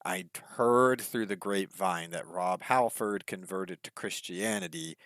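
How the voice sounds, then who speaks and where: Low-voiced man reviewing an album. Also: fairly bright tone, dry recording. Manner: rambling, hedging, many fillers. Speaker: podcast co-host. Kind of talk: casual music review chat.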